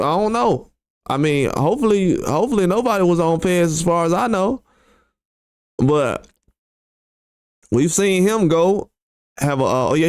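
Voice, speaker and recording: Man, boxing commentator, casual reaction talk, blunt, slangy, smooth voice, dry close sound. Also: on the high side, darkish tone, dry recording. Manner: blunt and conversational, with slang and rhetorical questions. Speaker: boxing commentary channel host. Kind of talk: casual reaction commentary, reading tweets aloud.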